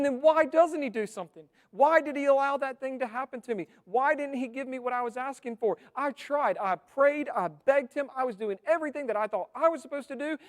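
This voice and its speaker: A man's voice: extremely high pitch, pitched above the performer's own voice. A man voicing an anguished believer who pleads with God in a raised, urgent voice. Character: anguished male believer demanding answers from God. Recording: reverberant church hall.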